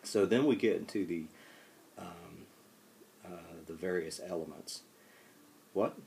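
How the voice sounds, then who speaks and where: Male professor, deep and low, chatty lecture delivery, faint room hiss. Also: measured pace, gravelly, dark tone. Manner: conversational, many fillers and restarts. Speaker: college lecturer. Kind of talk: classroom lecture.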